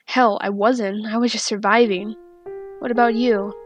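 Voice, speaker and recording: A woman's voice: medium pitch, steady tone, a little slow, muffled recording, lightly acted. A woman reading the lines of an anxious, grieving young man in a storybook reading, with faint music behind.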